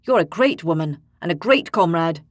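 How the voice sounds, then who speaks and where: A woman's voice: on the low side, expressive, brisk, dry recording, studio quality, close to an everyday voice. A woman narrator voicing a loyal, earnest young man in an audiobook, speaking with heartfelt sincerity. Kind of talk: audiobook character voice.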